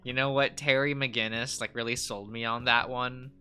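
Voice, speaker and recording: A man's voice: medium pitch, flat delivery, normal speed, sharp tone, soft background music. A man chatting casually on a live drawing stream, rambling with lots of fillers and frequent giggles.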